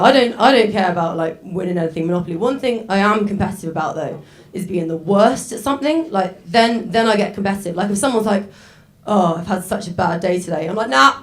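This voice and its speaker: Young woman comic, rambling, self-mocking stand-up delivery. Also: fairly high pitch. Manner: chatty, self-mocking, with many fillers. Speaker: stand-up comedian. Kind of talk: stand-up set. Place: stage before a live audience.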